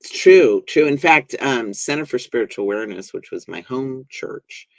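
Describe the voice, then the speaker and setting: Man, host, earnest storyteller, mid pitch, dry close sound. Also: animated, normal speed, vocal fry, no echo. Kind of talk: casual conversation.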